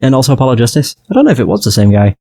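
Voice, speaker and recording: A man's voice: medium pitch, very animated, racing, warm tone, no echo. A man casually commenting and joking as he plays through a story game. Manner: joking, casual asides, swearing. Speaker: let's play host.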